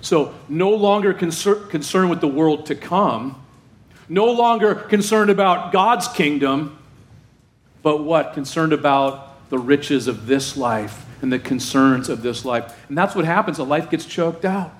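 A man preaching a casual, animated sermon to his congregation, using slang and asking them questions. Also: a little high, unhurried. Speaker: pastor.

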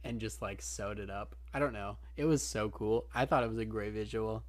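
A man co-hosting a casual show, recapping an anime episode in a relaxed, jokey way and reading from his notes. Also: lowish voice, moderate pace. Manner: laid-back, reads from his notes, jokey. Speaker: podcast co-host.

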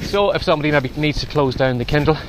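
A man's voice: on the high side, fast talker. A man hosting a casual walking vlog outdoors in the wind, slightly out of breath as he gives chatty advice. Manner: chatty, advisory. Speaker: podcast host. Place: outdoors in strong wind and rain.

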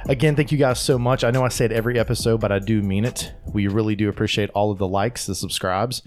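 A man's voice: on the low side, steady tone, quick pace, soft background music. A man hosting a podcast, retelling a news story in casual chat and laughing often. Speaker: podcast host.

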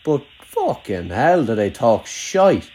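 A man's voice: mid-range voice, very animated, slow pace, background noise. A young man with a rural Irish accent, chatting casually, swearing freely and rambling with lots of "like". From Ireland. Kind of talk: casual chat.

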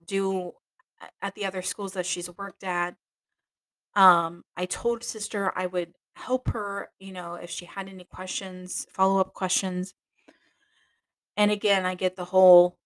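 A woman's voice: fairly low pitch, a bit bright. A woman who was once a nun hosts a podcast and tells a personal story in a candid, emotional way, often correcting herself mid-sentence. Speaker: podcast host and former nun.

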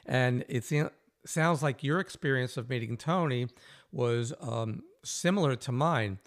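A man hosting an interview, telling a lively story and acting out the dialogue with frequent laughs. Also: mid-range voice, measured pace. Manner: animated storyteller, acts out quoted dialogue, laughs often. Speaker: host.

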